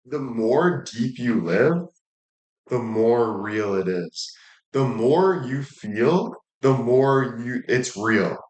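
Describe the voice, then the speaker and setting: A man speaks in a blunt, casual monologue, swearing freely and hammering his points through repetition. His voice sits at an ordinary pitch for a man. The sound carries a roomy echo. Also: animated, extremely slow, a little mellow. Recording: echoey room.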